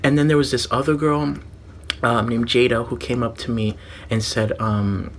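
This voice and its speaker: A man's voice: mid-range voice, steady tone, moderate pace, a little hiss or hum. A man vlogger telling a rambling storytime monologue, full of "like" fillers and restarts.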